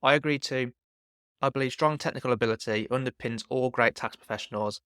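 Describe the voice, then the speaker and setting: Man, podcast host, casual chat, clear voice, dry sound. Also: medium pitch, a little fast, fairly bright tone, no room sound. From Black Country, England.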